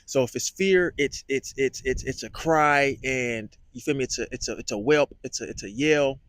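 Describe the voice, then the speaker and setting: A man vlogging a reflective monologue, musing and halting, often repeating words with many fillers. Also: mid-range voice, dry recording.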